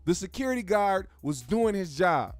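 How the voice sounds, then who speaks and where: Male host, high voice, blunt profane commentary over faint music. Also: very animated, normal speed. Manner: heated, blunt, swears a lot, slangy. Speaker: show host.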